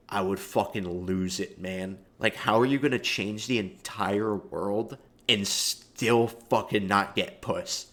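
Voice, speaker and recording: A man with a fairly low voice talks through a loose, comedic monologue. He swears freely and leans on casual fillers, wandering from point to point in an offhand way. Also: slow, fairly bright tone. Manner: rambling and profane, heavy fillers. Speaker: video commentator.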